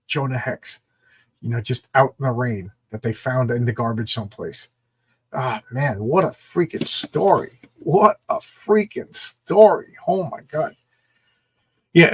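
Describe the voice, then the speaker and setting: A man co-hosting a comic book show, chatting excitably about a comic with many stammered restarts. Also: medium pitch, husky. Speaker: comic book podcast co-host. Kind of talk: casual comic review chat.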